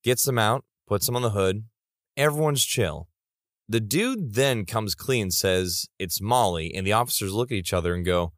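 A man's voice: on the low side, moderate pace, no room sound, clean studio sound. A man narrating reader stories in a comedic style, with playful asides.

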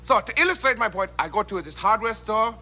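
An actor playing a pompous German-accented home-improvement instructor who lectures and rants at viewers in a comedy sketch. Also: male voice, high voice, expressive, a little fast, sharp tone, heavily acted. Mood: lecturing. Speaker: comedy sketch character played from archive.

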